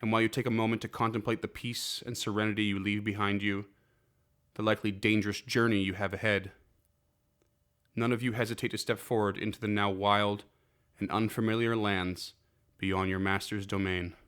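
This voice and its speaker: A man reading a scripted fantasy intro in a soft, slow, measured voice as game master. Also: lowish voice, level tone, smooth. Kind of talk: scripted second-person narration.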